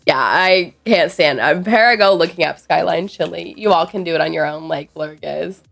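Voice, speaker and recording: A woman streaming live, chatting loosely and answering her chat with playful asides. Her voice sits fairly low and carries a lot of vocal fry. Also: normal speed, fairly bright tone, soft background music. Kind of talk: casual chat with viewers.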